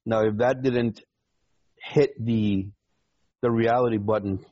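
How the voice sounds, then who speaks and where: A man in his forties, a retired navy chief, telling his story in an interview with emotion, halting and repeating words. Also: on the low side, fairly even intonation, no echo, highs cut off.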